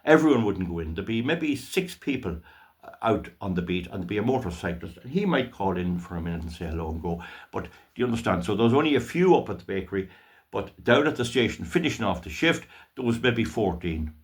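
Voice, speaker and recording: A man's voice: lowish voice, expressive, brisk. An older Irish man and channel host telling a story in a casual, playful way, with mock drama and stammered repeats. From Ireland.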